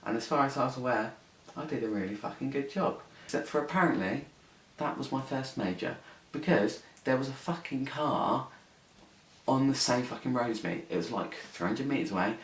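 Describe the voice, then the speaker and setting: A man's voice: lowish voice, vocal fry. A young man telling a story on his vlog, sweary, rambling and indignant. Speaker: vlogger. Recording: echoey room, mic at a distance, faint hiss.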